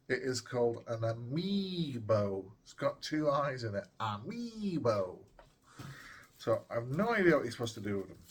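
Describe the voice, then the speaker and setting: A man's voice: mid-range voice, a bit bright, a little hiss or hum. A British man chatting casually to camera as he unboxes a small collectible, rambling and joking along the way. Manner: chatty, rambling, playful asides. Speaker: retro gaming vlogger.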